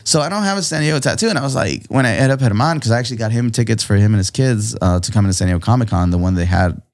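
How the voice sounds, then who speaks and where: A man, a guest artist, telling a story in casual chat, laid-back and slangy, with lively jumps in pitch whenever he quotes someone. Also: rapid-fire. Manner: animated, jumps high in pitch when quoting people; slangy, laid-back, says dude and bro a lot.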